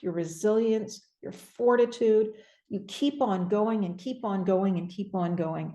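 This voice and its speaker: Warm-voiced woman host, roomy sound. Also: mid-range voice. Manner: effusive, halting, tearful at times. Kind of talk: emotional interview chat.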